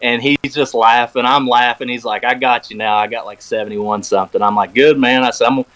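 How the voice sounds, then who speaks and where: Sitting in a podcast recording room, a man chats casually as a guest, delivering a long story in a medium-pitched voice at a fairly quick clip. He animatedly performs the quoted phone calls, captured in a low-quality recording.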